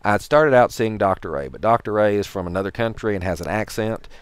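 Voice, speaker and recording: A man's voice: lowish voice, lively intonation, fast talker, clean tone, dry recording. A man with a Tennessee accent talking to the camera in a casual vlog, telling a rambling story with wry, dry sarcasm. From Tennessee, USA. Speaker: vlogger.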